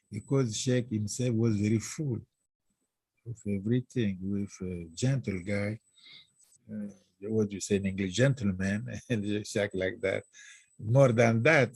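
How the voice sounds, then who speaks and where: A low, husky-voiced man speaks English, his tongue showing as he hunts for words. He tells his stories haltingly, then grows animated, and the sound is close and dry. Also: no echo. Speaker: guest scholar. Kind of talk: reminiscing interview talk.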